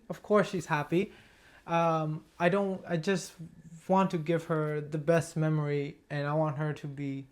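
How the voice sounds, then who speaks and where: A man, an acting student, sharing a personal memory in class, halting and hesitant with many restarts. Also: fairly high pitch.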